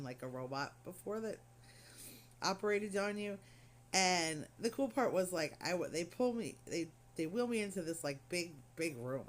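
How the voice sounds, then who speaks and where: A woman's voice: sits low, a little hiss or hum. A middle-aged woman craft vlogger telling a story in casual, rambling chat full of fillers and asides.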